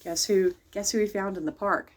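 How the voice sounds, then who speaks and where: A woman librarian reading a bedtime picture book aloud to children, expressive and speaking directly to her young listeners. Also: mid-range voice, moderate pace.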